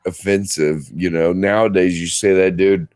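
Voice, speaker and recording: A man with a lowish voice hosts a podcast in easygoing conversation. He laughs readily and stretches his fillers as he works toward a point. It sounds like casual talk into a podcast mic. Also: fairly even intonation, over a noisy crowd. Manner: laid-back, laughs easily, drawn-out fillers. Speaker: podcast host. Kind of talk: casual chat.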